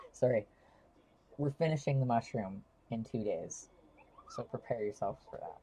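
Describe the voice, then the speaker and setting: Woman streamer, casual rambling chat, self-interrupting, deep voice, desk mic at home. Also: moderate pace, vocal fry, warm tone, husky, rough recording.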